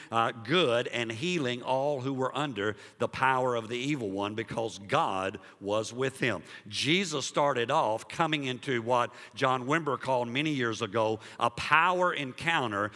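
A male pastor preaching a sermon and telling a story, moving between loud emphasis and hushed, quiet passages. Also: medium pitch, in a large hall. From Liberia. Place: church sanctuary.

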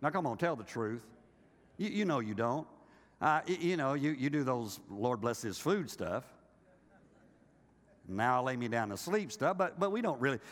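An older male pastor preaching a sermon, animated and joking with his congregation, acting out the voices he quotes. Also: medium pitch, moderate pace, pauses often. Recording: reverberant hall.

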